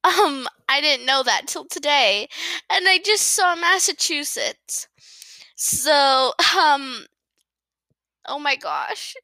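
A woman rambles through a recap of a novel, giggling and apologizing to her listeners. Her voice is fairly high and bright and her pace is unhurried. It is recorded close and dry, with no room sound at all. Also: big pitch swings, dry recording. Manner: giggly, self-deprecating, apologetic. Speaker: podcast host recapping a novel. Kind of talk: casual rambling book recap.

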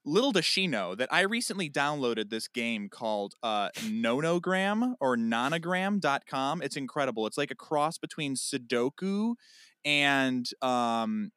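A man co-hosting a casual chat podcast, telling an animated story and acting out a phone call. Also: medium pitch, a little slow, clean tone, dry recording, clean studio sound. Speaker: podcast co-host.

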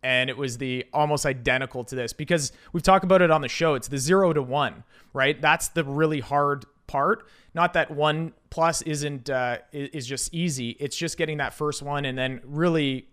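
Relaxed man hosting a podcast. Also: a little high, normal speed, hardly any pauses, smooth. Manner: relaxed, agreeable, short backchannels. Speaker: podcast host. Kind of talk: casual interview chat.

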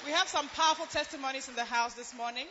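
A man hosting a church service, calling speakers up loudly and rousingly. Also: very high-pitched, fast. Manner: loud and rousing. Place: church hall with congregation. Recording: dull sound over a noisy crowd.

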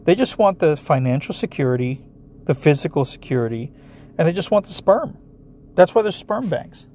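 A man's voice: fairly high pitch, moderate pace, a little hiss or hum. A man in a blunt, profane ranting monologue, talking straight at his listeners with heavy swearing. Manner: animated, talks straight at listeners. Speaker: solo commentator.

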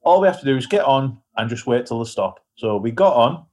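A man's voice: mid-range voice, animated, quick pace, mellow. A middle-aged man casually telling a rambling travel anecdote, with frequent restarts and laughter. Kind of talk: casual storytelling chat.

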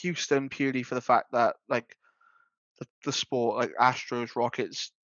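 A man co-hosts a podcast with a mid-range, fairly bright voice, fairly even intonation and a normal speed. His casual chat rambles, full of fillers and restarts. The sound is dry, dull and slightly lo-fi, with no room sound.

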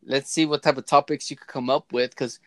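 A man's voice: mid-range voice, fairly quick, dry recording. An American man hosting a casual podcast, joking around and talking animatedly. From United States. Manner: joking, animated, goofy put-on voices. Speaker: podcast host.

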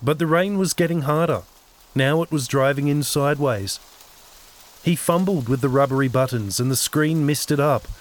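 A man narrating his own novel-length audio story in a steady, scripted reading. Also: on the high side, normal speed. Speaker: narrator and author.

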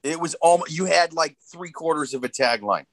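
A man's voice: a little high, lively intonation, fairly quick, fairly bright tone, dry recording, poor audio. A man who is a stand-up comedian co-hosting a podcast, teasing and blunt in casual comedic chat.

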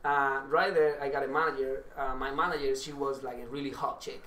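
A man's voice: medium pitch, distant mic. Man, echoey and off-mic. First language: Spanish. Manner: animated, laughing storyteller with halting restarts. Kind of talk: casual storytelling chat. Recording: roomy and off-mic with faint noise.

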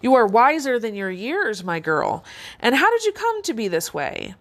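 A woman's voice: on the high side, very animated, normal speed. Woman putting on Baba Yaga, a sneering old witch. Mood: wheedling. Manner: sneering, barking, screeching.

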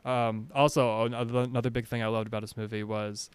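Smooth-voiced man chatting casually. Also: medium pitch, level tone, fast, dry recording. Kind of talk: casual movie chat.

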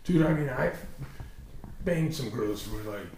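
A man's voice: medium pitch, lively intonation, normal speed. A young man co-hosting a podcast, telling crude stories in casual chat and laughing often. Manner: rowdy storyteller, laughs often, bursts loud when laughing. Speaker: podcast co-host. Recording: echoey room with crowd noise.

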